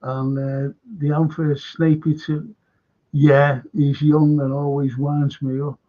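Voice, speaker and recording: A middle-aged man hosts a casual live stream as a podcast host, reading viewer comments aloud with a chuckle and the occasional swear. His voice is fairly high with little pitch movement, slow-paced, over dull lo-fi stream audio.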